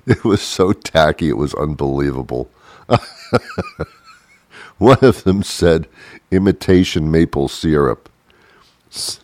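A man's voice: low voice, darkish tone, no room sound, clean studio sound. A man hosting a show, rambling through a wry comic monologue and acting out both sides of imagined conversations. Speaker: radio show host.

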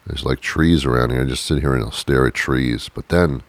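A man delivering a rambling, deadpan comic monologue with mock-confused asides while sitting on a porch outdoors. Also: extremely low pitch, normal speed, no echo. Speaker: comedian.

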